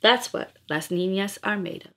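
A woman's voice: mid-range voice, moderate pace, sharp tone. A woman reading nursery rhymes aloud in a playful, rhythmic, sing-song way. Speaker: storyteller.

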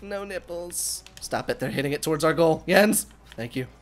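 A young man streaming a game live with friends, excitable and profane, yelping and laughing as he plays and thanks viewers. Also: on the high side, normal speed. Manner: excitable, swears a lot, yelps and laughs. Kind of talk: casual gaming livestream chat.

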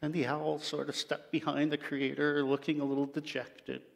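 Creaky, slightly high and level in tone, a male pastor speaks at a moderate pace as he narrates an animal story mid-sermon, voicing the creatures himself. Long church-hall reverb fills the sanctuary recording.

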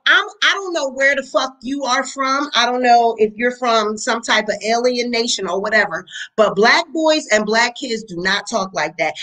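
A woman, talking high and bright. She gives a blunt, heated reaction commentary full of profanity, speaking straight into the mic. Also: poor audio. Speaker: commentary channel host.

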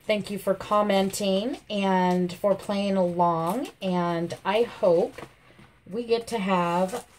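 A woman hosting a casual vlog, gushing with repeated thanks and praise, her voice hoarse and catching from a coming cold. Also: mid-range voice, steady tone, slow, a little mellow, slight background noise. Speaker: channel host showing a viewer's craft entry.

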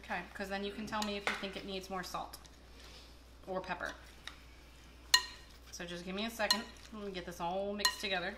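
In a noisy, echoey kitchen full of clattering dishes, a cooking show host chats as she works. Her mid-range voice holds a steady tone, runs a little fast, and pauses often as she tells rambling, filler-heavy stories.

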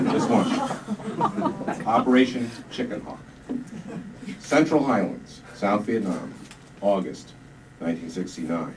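A man reading his own comic book aloud to a live audience with dry, deadpan delivery. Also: fairly low pitch, moderate pace. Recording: distant mic, noisy live room.

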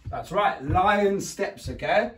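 A primary school PE teacher with an English accent sounds animated and a bit bright as he slowly leads young children in a home PE lesson. He encourages them, counts down, often praises them and makes animal noises, roars and squeaks. The echoey room has slight background noise, and the mic is far away.

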